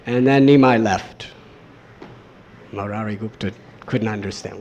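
A man telling a devotional story as a sermon, in an animated manner with many repetitions. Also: mid-range voice, a little slow. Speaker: storyteller, preacher.

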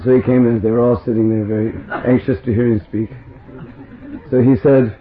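A man's voice: mid-range voice, a little fast. Man telling stories to a crowd, tinny. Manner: lively storyteller, chuckles between lines. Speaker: spiritual speaker. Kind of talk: storytelling talk to a seated audience. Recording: roomy, tinny phone-like audience recording.

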